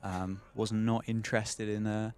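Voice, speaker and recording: Chatty male cricket commentator, lowish voice. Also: flat delivery, unhurried, darkish tone. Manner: chatty, asks co-commentator questions. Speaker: play-by-play commentator.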